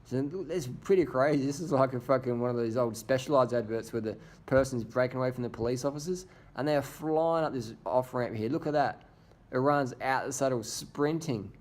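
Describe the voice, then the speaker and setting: A man's voice: medium pitch, fairly quick, darkish tone. A man giving casual, crude, joking commentary over race footage as the host of his channel. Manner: crude, joking, profane banter. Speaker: video host.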